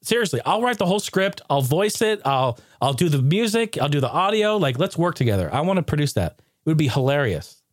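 A man hosting a podcast in casual chat, animated, profane and joking. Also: on the high side, fairly quick, hardly any pauses, no room sound, clean studio sound. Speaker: podcast host.

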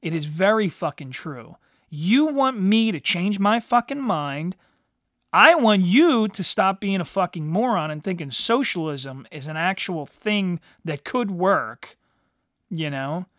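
A man's voice: high-pitched, lively intonation, measured pace, a bit bright, dry recording, studio quality. A man ranting bluntly in a monologue, swearing heavily and tagging lines with "you know". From United States. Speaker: podcast host.

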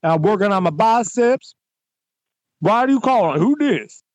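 A man's voice: animated, unhurried, no room sound. A man voicing a brash, gym-obsessed male caller who uses crude street slang during a prank phone call. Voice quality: high-pitched put-on voice, street slang.

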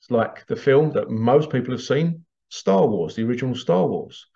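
A man's voice: mid-range voice, lively intonation, normal speed, vocal fry, warm tone. A man talking in a rambling, casual monologue, chuckling now and then. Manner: rambling, chuckling, acts out bits in funny voices. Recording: slightly dull lo-fi audio.

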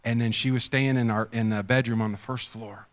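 A man preaching a sermon, telling a personal story with animated swings from hushed whispers to shouts. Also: mid-range voice, brisk, big-room sound. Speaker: pastor.

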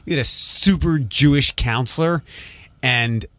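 A man's voice: medium pitch, bright, forceful tone, no echo. Male radio morning host, casual banter, blunt and dry, studio mic, dead dry sound. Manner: dry, blunt, quick to correct others. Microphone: studio microphone.

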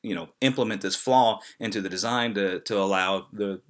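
A man from Indiana co-hosting a podcast, chatting casually with quick, offhand remarks. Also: lowish voice, a bit bright. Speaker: podcast co-host. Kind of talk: casual chat.

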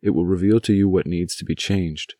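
A man voicing an older father of the groom with a baritone voice, stern but pleading as he lays down firm commands. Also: fairly even intonation, fairly quick, mellow, no room sound, studio quality. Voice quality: booming baritone.

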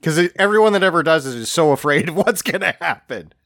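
A man's voice: on the high side, lively intonation, fast talker, fairly bright tone. A man co-hosting a casual movie podcast, making wry, crude jokes in a laid-back way. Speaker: podcast co-host. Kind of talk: casual movie-riffing chat.

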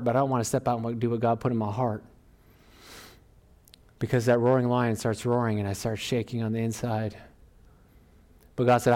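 A middle-aged man preaching a sermon as pastor, animated and emphatic, often rising in pitch and volume. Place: church.

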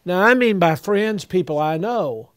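An older pastor with a drawl speaks to young preachers in an earnest, folksy way. His voice sits a little high for a man, and he pauses with fillers as he gathers his thoughts. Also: animated, fairly bright tone, smooth.

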